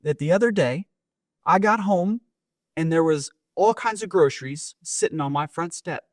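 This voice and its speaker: A man's voice: on the high side, moderate pace, dry recording, studio quality, natural voice. A man voicing a devout elderly churchwoman who keeps insisting, testifying in church.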